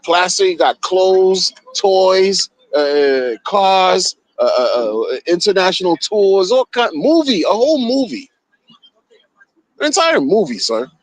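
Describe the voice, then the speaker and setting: A man's voice: high voice, takes it slowly, dry recording, low-quality recording. A man streaming casual commentary, mocking and profane, repeating himself as he rants. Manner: animated, mocking, profane, repetitive.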